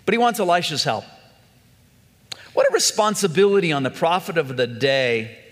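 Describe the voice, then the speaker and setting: A man's voice: a little high, big pitch swings, normal speed, fairly bright tone, in a large hall. A male pastor preaching an earnest, conversational sermon, full of questions put to his congregation.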